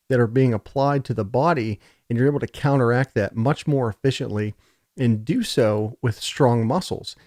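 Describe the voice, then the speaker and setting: A male college lecturer, his medium-pitched voice a little mellow and his throat somewhat scratchy, delivers a relaxed, digressive lecture full of jokes. The recording is dry and studio quality.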